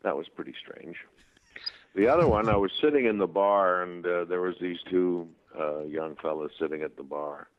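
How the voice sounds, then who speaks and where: A man being interviewed as a guest actor, telling anecdotes in a casual, animated way. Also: low voice, normal speed, no echo. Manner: animated anecdotes with voiced quotes and laughs. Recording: tinny phone line.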